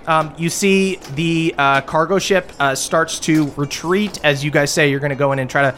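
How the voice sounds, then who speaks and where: A man's voice: on the high side, fairly even intonation, moderate pace, hardly any pauses, a bit bright, a little hiss or hum. A man narrating a tabletop game as game master, descriptive and using many filler words.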